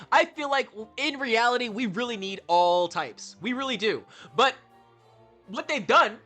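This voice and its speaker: A man's voice: high-pitched, bright, forceful tone. A man giving casual, rambling gameplay commentary, swearing freely and musing on life as he plays. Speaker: let's play streamer.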